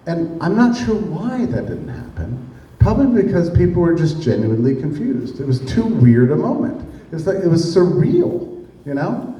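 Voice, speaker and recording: A man's voice: fairly high pitch, normal speed, hardly any pauses. A man giving a storytelling talk to a live audience, acting out the people he quotes. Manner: animated, acts out the people he quotes. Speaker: speaker giving a public talk. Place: room with an audience. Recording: echoey room, distant mic, faint ambience.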